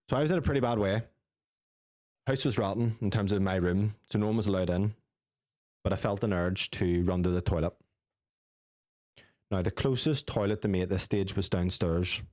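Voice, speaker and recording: A young man, telling a sweary, animated story as a podcast co-host. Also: on the low side, dry recording, studio quality. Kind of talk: casual storytelling with friends.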